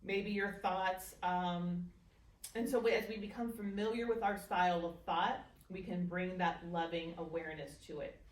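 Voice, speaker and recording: A woman leading a guided meditation class in a library meeting room, gentle and playful, dropping into a soft aside voice when she speaks to her thoughts. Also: lowish voice, steady tone, moderate pace. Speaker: meditation teacher. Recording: echoey room from a distance.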